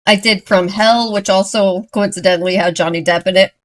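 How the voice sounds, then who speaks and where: A woman hosting a first-time movie reaction, talking casually, gushing and getting worked up, then apologizing for it. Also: medium pitch. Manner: excitable, gushing, quick to apologize. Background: movie audio playing.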